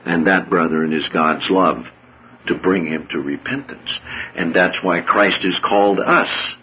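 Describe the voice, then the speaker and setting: A man preaching a sermon with a husky voice, swinging from hushed low passages to loud, high-pitched outbursts. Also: a little slow, lo-fi sound, a little hiss or hum.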